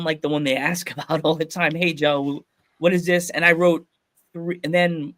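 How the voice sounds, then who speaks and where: Excitable man with a slightly high voice. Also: dry recording. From Pennsylvania, USA. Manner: excited storytelling, laughs often. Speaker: podcast host. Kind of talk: casual podcast chat.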